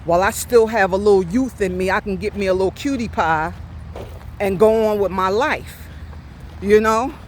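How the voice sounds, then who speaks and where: A woman's voice: mid-range voice, normal speed, slight background noise. A woman in her fifties telling a personal story while walking outdoors, slightly out of breath and confiding, often checking in with "right?". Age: 50s. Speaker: vlogger. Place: outdoors on a walk.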